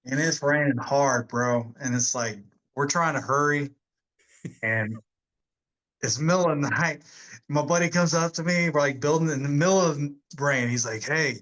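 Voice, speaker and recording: Bright, slightly high-voiced man in his forties, loose storyteller, laughs a lot, podcast guest. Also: normal speed, poor audio. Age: 40s. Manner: loose, rambling, laughs often, many fillers. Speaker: podcast guest, army veteran. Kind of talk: casual storytelling chat.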